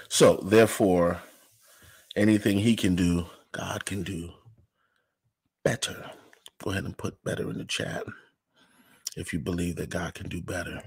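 A man's voice: sits low, gravelly, slightly rough, no room sound. A man talking loosely on a livestream about faith and success, full of "you know"s and dropping into whispers. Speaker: livestream speaker. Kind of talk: casual inspirational talk.

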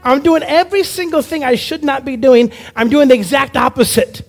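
A man preaching a personal testimony sermon as an evangelist, telling his story with animation, acting out other people's lines, and dropping low and quiet for emphasis. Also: a little fast, vocal fry. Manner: animated storyteller who acts out quoted voices.

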